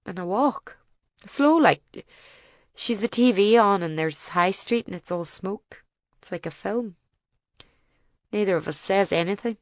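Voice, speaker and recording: A woman reading as a grieving older male farmer who tells of a bombing, in plain, halting dialect. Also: medium pitch, expressive, no room sound, studio quality, lightly acted. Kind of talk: audiobook reading.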